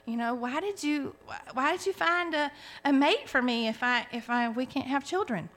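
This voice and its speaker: A woman's voice: high voice, animated, moderate pace, fairly bright tone. A woman in her forties giving a heartfelt personal faith testimony, telling her story earnestly with frequent restarts. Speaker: testimony speaker.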